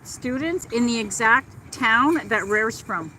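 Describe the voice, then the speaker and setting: Bright-voiced chatty woman livestreaming outdoors. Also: a little high, expressive, takes it slowly, slight background noise, low-quality recording. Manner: chatty and gushing, reads out and answers chat. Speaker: livestream host. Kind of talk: casual live chat with viewers. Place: outdoors in a park.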